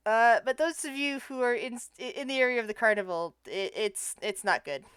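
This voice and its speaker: A woman's voice: fairly high pitch, a bit bright, clear, resonant tone, no room sound, clean studio sound. A woman narrating as game master of a tabletop game, describing scenes with frequent restarts. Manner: halting, restarts mid-phrase while describing scenes.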